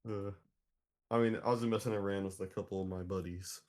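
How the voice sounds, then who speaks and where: A man's voice: deep voice, steady tone, fairly quick, a little mellow. A man chatting casually on a voice call, laid-back and laughing as he rambles. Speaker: fellow streamer on voice call. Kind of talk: casual chat.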